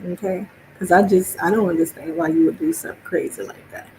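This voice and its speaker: A woman's voice: lowish voice, a little fast, dark tone, slight background noise, rough recording. A woman from New Orleans with a New Orleans accent, streaming a casual monologue, chatty and laughing often as she acts out her own reactions.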